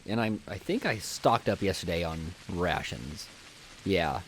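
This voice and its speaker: A man's voice: sits low, expressive, unhurried, a little hiss or hum. Chatty man streaming a game. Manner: chatty, jokey, thinks aloud while playing. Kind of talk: casual live game commentary.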